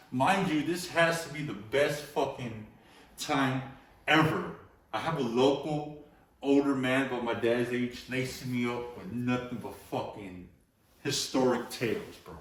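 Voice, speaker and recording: Profane street-talking storyteller, echoey and distant. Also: male voice, medium pitch, a little slow. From Los Angeles. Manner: profane street-slang storytelling, says "bro" and "you know" a lot. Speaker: graffiti artist, interview guest. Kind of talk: casual storytelling interview. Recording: echoey room, mic at a distance.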